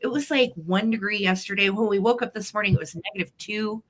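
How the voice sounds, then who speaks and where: A woman's voice: medium pitch, fast, fairly bright tone. A woman hosting a casual live sale stream from home, chatting and greeting viewers one by one. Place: upstairs at home.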